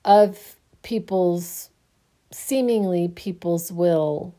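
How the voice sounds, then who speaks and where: A sleepy, yawning woman musing on faith in a halting, casual way, often restarting her sentences. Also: lowish voice. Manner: slow, halting, restarts often, soft laughs.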